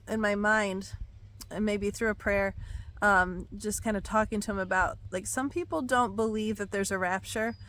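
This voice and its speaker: A woman speaking as a Christian devotional speaker in a casual, reflective way, thinking aloud and often pausing to search for words. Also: medium pitch, a bit bright. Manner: thoughtful, hesitant, searching for words.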